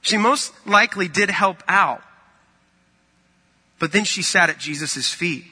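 A man's voice: high-pitched, a little slow, sharp tone, breathy edge, big-room sound. A man preaching a sermon in a conversational, storytelling way. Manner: conversational, storytelling with acted-out quotes.

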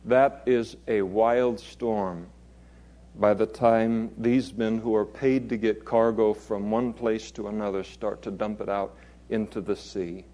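A man's voice: lowish voice, steady tone, takes it slowly, dark tone. A man preaching an expository sermon in a conversational way, chuckling and adding playful asides.

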